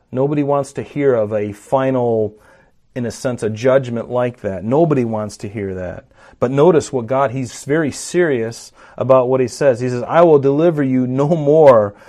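A man's voice: mid-range voice, dark tone. Man preaching a verse-by-verse sermon. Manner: teaching, rising in force on scripture quotes; conversational with frequent fillers and restarts. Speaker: pastor.

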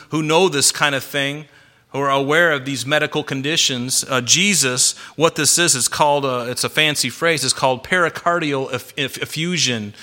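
A man preaching a sermon, reading scripture and explaining it with emphatic, slowed stresses. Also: medium pitch. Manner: emphatic, varies loudness and slows for stress. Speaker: pastor.

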